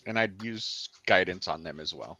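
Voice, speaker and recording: A man's voice: low voice, moderate pace, bright, forceful tone. A man playing a tabletop game in a casual, joking way, on a dry lo-fi recording. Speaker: player.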